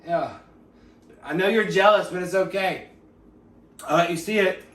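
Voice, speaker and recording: Man, raised pitch, deadpan profane storyteller; roomy echo. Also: a little slow. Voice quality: rambling, profane, mock-serious. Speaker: comedic storyteller. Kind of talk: deadpan mock biography monologue. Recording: echoey room, mic far off.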